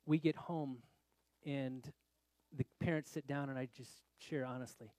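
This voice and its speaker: A middle-aged pastor tells a story in his sermon, his mid-range voice a little slow. He animatedly moves between loud exclamations and quiet confession, captured in a dry recording.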